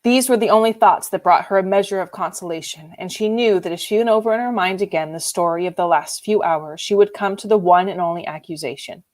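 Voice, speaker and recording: A woman reading a novel aloud in an expressive, emotionally involved way. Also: medium pitch, brisk, hardly any pauses. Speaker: reader. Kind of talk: audiobook reading.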